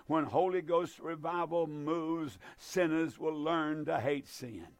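A man preaching a fervent sermon, emphatic and repetitive, with drawn-out stresses. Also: a little high, vocal fry, no echo.

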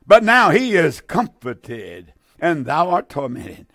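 A man's voice: a little high, huge pitch swings, takes it slowly, sharp tone, no room sound, clean studio sound, heavily acted. A man preaching, voicing the old patriarch Abraham, who speaks solemnly in archaic words.

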